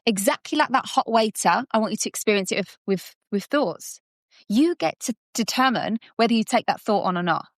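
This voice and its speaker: A woman speaking as a coaching guest, at a middle pitch for a woman, lively and chatty. She often slips into short acted-out scenes. Her voice sounds dry and close, with no room echo. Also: fairly quick. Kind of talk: conversational coaching talk.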